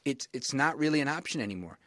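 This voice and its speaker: A man delivers an emphatic talk radio monologue in a middle-range voice. He keeps rising in pitch to drive his points home. The studio sound is dry and close, with no room around him. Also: animated, fast talker, fairly bright tone, dry recording.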